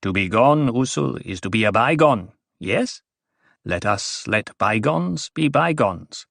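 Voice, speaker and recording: A man voicing a wry, riddling male dwarf jester in an audiobook, speaking in punning, singsong riddles at an unhurried pace. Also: medium pitch, animated, creaky, a bit bright, dry recording, clean studio sound, heavily acted. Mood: wheedling.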